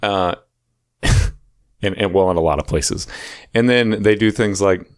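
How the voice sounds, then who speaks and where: Low-voiced, rambling male podcast co-host. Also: a little slow, clear, resonant tone, no room sound, clean studio sound. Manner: rambling, laughs often, acts out skits. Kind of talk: crude comedic banter.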